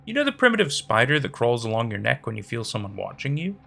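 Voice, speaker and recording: A man narrating a horror story in a dramatic, expressive reading. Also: mid-range voice, quick pace, gravelly. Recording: faint background music.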